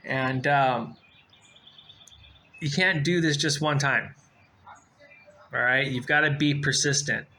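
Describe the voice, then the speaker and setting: Bright-voiced man in his forties giving rambling advice. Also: medium pitch, slow pace, long pauses, poor audio. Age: 40s. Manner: rambling, repeats himself, frequent fillers and restarts. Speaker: vlogger giving job advice. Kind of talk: casual advice talk to camera.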